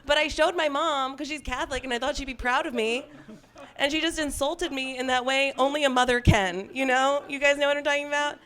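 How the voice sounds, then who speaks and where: A young stand-up comedian from Long Island works a club crowd with a slightly high voice. She talks in a loose, chatty way, mocks herself and laughs along at her own jokes. She holds a stage mic. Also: brisk, fairly bright tone.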